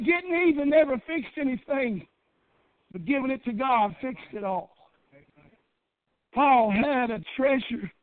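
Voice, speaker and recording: A middle-aged man preaching a Baptist sermon in a fervent cadence that builds to shouting. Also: high-pitched, no room sound. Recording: dry, tinny phone-like church recording.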